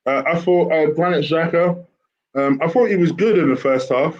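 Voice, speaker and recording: A man calmly giving his views in a football chat, pausing often with ums. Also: fairly high pitch, muffled recording. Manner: calm, measured, hesitant with ums. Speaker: football podcast co-host.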